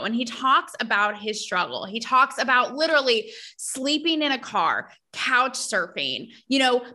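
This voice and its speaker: A woman hosting a podcast, talking in a casual, gossipy and animated way, full of sass and asides to her listeners. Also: fairly high pitch. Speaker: podcast host. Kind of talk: casual chat.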